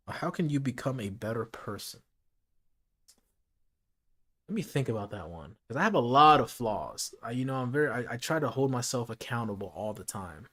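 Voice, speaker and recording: A man's voice: mid-range voice, fairly bright tone, breathy edge. Male streamer, casual late-night chat, earnest and thoughtful, mid-range voice. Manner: earnest, reflective, lots of "like" and "you know".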